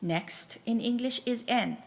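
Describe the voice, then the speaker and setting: A woman's voice: fairly high pitch, unhurried, creaky. A woman teaching a Hawaiian pronunciation lesson, patiently spelling out each letter and telling learners to write it down. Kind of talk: slow, deliberate language lesson.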